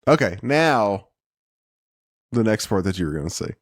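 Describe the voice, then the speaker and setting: A man's voice: fairly low pitch, very animated, moderate pace. A man co-hosting a podcast, dropping short joking asides in casual chat. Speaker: podcast co-host.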